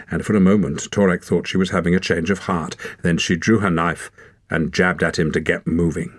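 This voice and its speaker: Male audiobook narrator with a very low, husky voice; measured storytelling, dry close studio sound. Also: no echo. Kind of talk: scripted narration.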